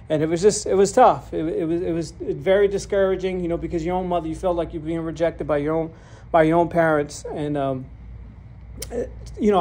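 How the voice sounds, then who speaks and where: His voice sits high and sounds a little mellow as this preacher delivers his personal testimony in sermon form. He speaks openly and earnestly, frequently restarting with repeated words, and laughs at himself along the way.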